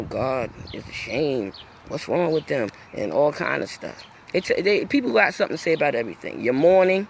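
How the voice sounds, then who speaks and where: A woman's voice: low-pitched, creaky, a little hiss or hum. A middle-aged woman hosting her own show, talking in a rambling, emphatic, folksy way in a casual vlog. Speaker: talk show host.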